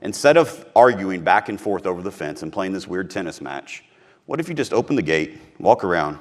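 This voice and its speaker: A man's voice: low-pitched, big pitch swings, brisk. A man from Missouri giving a live sales training talk to a room, emphatic and repeating his key points.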